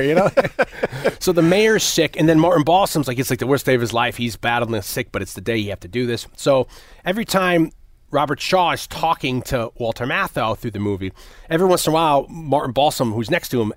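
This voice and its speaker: In a casual movie discussion, a man with a fairly high voice retells a film scene by scene, acting out the characters' lines. He swears freely and keeps restarting his sentences. The recording is dry, with clean studio sound.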